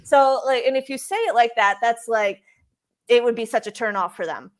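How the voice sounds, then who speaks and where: A woman's voice: a little high, moderate pace. A woman interviewed as a career coach for expats, talking casually with frequent restarts and filler words.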